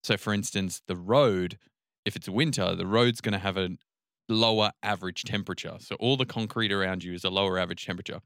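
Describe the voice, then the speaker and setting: A man co-hosting a podcast, relaxed and joking, musing at length in casual chat. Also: deep voice, quick pace, dry recording, clean studio sound. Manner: relaxed, joking, rambling explanations. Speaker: podcast co-host.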